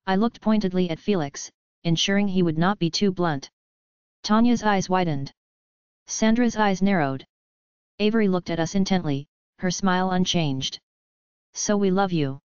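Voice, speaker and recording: A woman narrating an audiobook in a steady first-person reading. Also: fairly low pitch, normal speed, smooth, dry recording. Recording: dry, slightly muffled recording.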